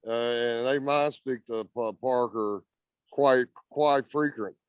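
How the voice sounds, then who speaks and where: A man's voice: medium pitch, takes it slowly, clean tone, no echo, muffled recording. A man from Indiana, a guest earnestly telling a story in casual chat, often repeating words as he goes. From Indiana, USA.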